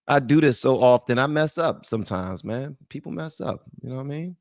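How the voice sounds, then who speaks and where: A male livestream host chatting to his viewers in a loose, rambling, self-deprecating way. His voice is mid-pitched and sounds close and dry on a podcast mic, with no room echo. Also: animated, brisk. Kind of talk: casual livestream chat. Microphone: podcast mic through a mixer.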